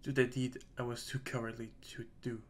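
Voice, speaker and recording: A man voicing a sorrowful elderly man who speaks quietly and hesitantly. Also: medium pitch, flat delivery, a little fast, a little hiss or hum, natural voice. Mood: remorseful. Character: Bodley, sorrowful elderly male sea-bar keeper.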